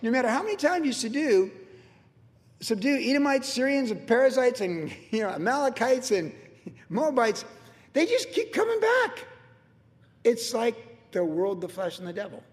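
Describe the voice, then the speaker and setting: A man preaching a sermon in an energetic, excitable way with chatty asides. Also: extremely high pitch, moderate pace. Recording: long hall reverb.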